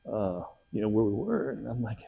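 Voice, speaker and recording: A man's voice: fairly low pitch, sing-song, moderate pace, vocal fry, breathy edge, narrow, tinny audio. A middle-aged man, a missionary, telling a personal testimony in a folksy, emotional way with frequent laughs.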